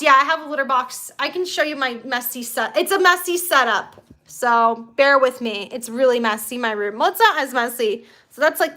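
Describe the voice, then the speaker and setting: A young woman hosts a casual live stream from her bedroom, her voice high and bright. She rambles in a chatty, bubbly way and greets viewers as she reads their comments aloud. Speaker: livestream host.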